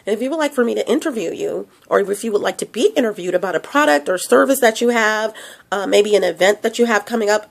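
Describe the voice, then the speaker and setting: A woman's voice: mid-range voice, creaky. A woman host speaks through a stuffy, sniffly nose. She rambles in a loose vlog chat, restarting sentences and filling gaps with fillers, close to a handheld microphone. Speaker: channel host selling a hair product. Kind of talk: casual product vlog.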